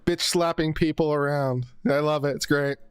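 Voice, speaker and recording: A man's voice: on the high side, steady tone, normal speed, clear, resonant tone, no echo. A man reacting to courtroom footage as a lawyer, talking in a blunt, profane, gleeful way. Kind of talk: casual react commentary.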